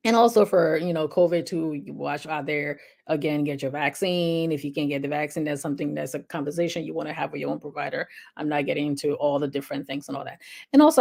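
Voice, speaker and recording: A middle-aged woman giving casual health advice to parents, chatty and often checking in with "okay?". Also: sits low. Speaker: health video host.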